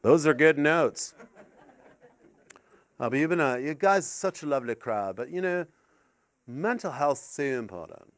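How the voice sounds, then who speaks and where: A man's voice: a little high, animated, normal speed, long pauses, no room sound, studio quality. Older man doing rambling stand-up. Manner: rambling, absurd, sweary, swings from mumbling to shouting rants. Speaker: stand-up comedian. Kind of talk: stand-up comedy set. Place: live comedy gig in an art gallery.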